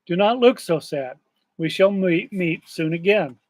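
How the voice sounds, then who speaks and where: A man reading aloud as a great, wise and gentle male lion, speaking in a calm, solemn way. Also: sits high, a little slow, no echo.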